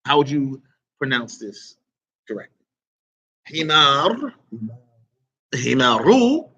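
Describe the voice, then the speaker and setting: A man's voice: mid-range voice, very animated, slow, sharp tone, breathy edge, muffled recording. A man teaching an online Arabic grammar lesson, quizzing students and praising their answers with casual asides.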